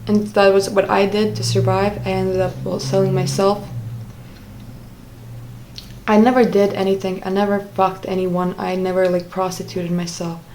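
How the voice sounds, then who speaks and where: A young woman speaks in a level, unvaried tone, pausing often as she searches for the right words. She tells her story casually and directly to camera. A faint hum of room noise sits underneath. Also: medium pitch, flat delivery, darkish tone, rough recording. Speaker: vlogger.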